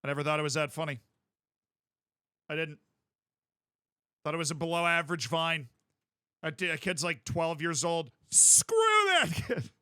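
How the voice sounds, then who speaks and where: Man, game streamer, casual rambling chat, jokey outbursts, bright tone, dry close sound. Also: a little high, moderate pace, pauses often, clear, resonant tone, no room sound. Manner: animated, rambling and jokey, with sudden loud outbursts.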